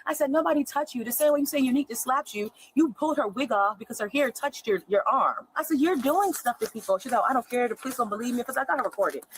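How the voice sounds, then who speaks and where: A woman's voice: sits high, quick pace, hardly any pauses, slight background noise, low-quality recording. A woman recounting a family fight at home in an agitated rush, constantly quoting what everyone said. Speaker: person telling an officer about a family fight. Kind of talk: heated retelling.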